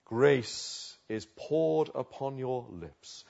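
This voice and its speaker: A man preaching a sermon, swinging from loud urging to hushed, slow pleading. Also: fairly high pitch, lively intonation, slightly rough. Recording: dull lo-fi recording.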